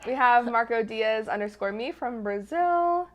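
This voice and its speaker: A woman's voice: a little high, animated, unhurried, highs cut off. A woman co-hosting a live stream, reading out viewer names and comments and laughing a lot. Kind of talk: casual live-stream chat.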